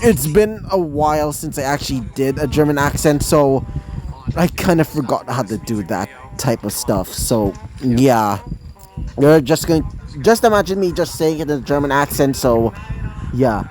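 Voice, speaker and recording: A man's voice: a little high, lively intonation, normal speed, a little mellow, rough recording. A man reading his own fan story aloud, rambling with fillers and asides. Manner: rambling, repeating "as she would say", filler-heavy asides.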